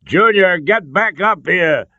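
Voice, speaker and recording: A man voicing an older father figure who barks commands and turns calm in a story reading. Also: high-pitched, takes it slowly, no room sound, highs cut off, pitched above the performer's own voice, full character voice. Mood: shouting. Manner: barking then calm.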